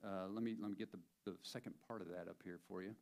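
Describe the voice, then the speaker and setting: Man, pastor delivering a sermon in a church; easygoing and emphatic, on the low side. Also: steady tone, fast, darkish tone. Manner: conversational and playful, with emphatic repetition.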